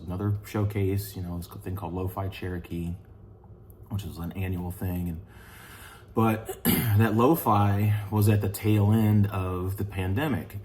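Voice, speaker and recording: A man's voice: deep voice, a little mellow, a little hiss or hum. A man from St. Louis, Missouri, telling a long casual story about his band, rambling with many fillers, asides and the odd curse word. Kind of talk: casual spoken recollection.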